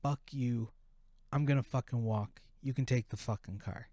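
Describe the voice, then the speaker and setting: A man's voice: medium pitch, normal speed, mellow, no echo, studio quality, natural voice. A man doing a fed-up man storming off. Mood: defiant. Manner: exasperated, profane.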